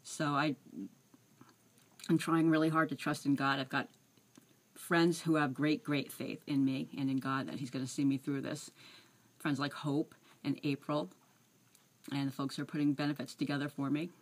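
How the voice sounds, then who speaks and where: A scared woman with a slight lisp and some slurring, talking in a halting personal video diary with restarts and pauses. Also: low-pitched, level tone. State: anxious and scared. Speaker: vlogger.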